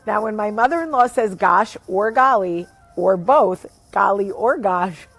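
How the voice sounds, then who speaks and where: A woman with a New Jersey accent chats casually with the camera and jumps between her own voice and the people she imitates. Her delivery is lively and unfiltered, with faint music underneath. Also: medium pitch, creaky. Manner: animated, acts out quotes, swears casually. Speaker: vlogger, show host. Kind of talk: casual storytelling chat.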